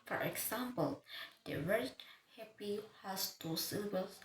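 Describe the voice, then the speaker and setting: A woman slowly explaining a lesson as a teacher. She talks haltingly and often restarts words partway through. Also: mid-range voice. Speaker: English teacher. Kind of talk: slow, careful lesson explanation. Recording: echoey room with faint ambient noise.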